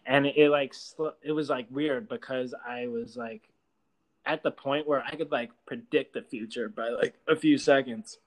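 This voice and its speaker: A man's voice: medium pitch, steady tone, unhurried, rough recording. A man telling a long story in casual chat, rambling, with heavy swearing and many "like" fillers.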